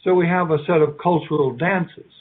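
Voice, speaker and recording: Husky-voiced man lecturing, tinny sound. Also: fairly high pitch. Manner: conversational, halting, acts out little quoted lines. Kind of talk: academic keynote lecture. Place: lecture hall.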